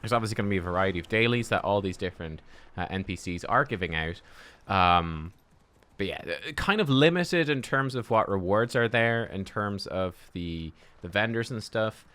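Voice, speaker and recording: A man's voice: on the low side, animated, normal speed, a bit bright. A man giving chatty, upbeat gameplay commentary as host of a gaming video, laughing often.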